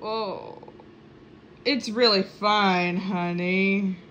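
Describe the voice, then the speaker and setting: Woman doing a slow, hesitant hiccuping puppet. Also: medium pitch, steady tone, a bit bright, lo-fi sound, a little hiss or hum. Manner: halting, slow, full of ums. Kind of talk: hobby puppet show.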